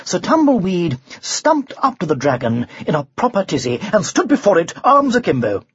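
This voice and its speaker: A narrator reading a storybook aloud in an expressive way with varied pacing. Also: medium pitch, normal speed, hardly any pauses, slightly rough, dry recording. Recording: dull lo-fi recording.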